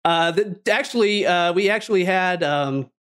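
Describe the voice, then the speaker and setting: Podcast host guy, rambly and hyped, kinda higher voice. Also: normal speed, fairly bright tone, clear, resonant tone. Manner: rambling, enthusiastic, many restarts. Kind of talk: casual podcast chat.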